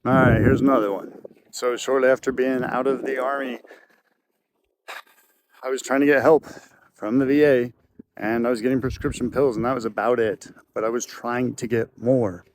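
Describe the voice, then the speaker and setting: A man's voice: medium pitch, fairly even intonation, normal speed. A man telling a long personal story in a loose, rambling way, with a faint hum of noise behind him. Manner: rambling, loose, with fillers and restarts. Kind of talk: casual storytelling to camera.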